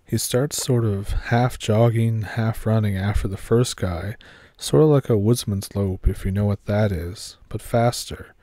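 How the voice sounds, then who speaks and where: A man telling a scary woods story in a steady, measured way. His voice is low and mellow, and the recording is dry and close-miked with no room sound. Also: no echo. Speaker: narrator. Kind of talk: horror story narration.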